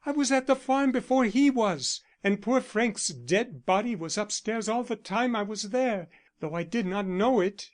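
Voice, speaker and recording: A stern, composed young woman, as a male audiobook narrator puts her on, firm and matter-of-fact. She is pitched well above his usual voice and sounds clearly higher. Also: animated, a little slow, few pauses. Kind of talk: audiobook character reading.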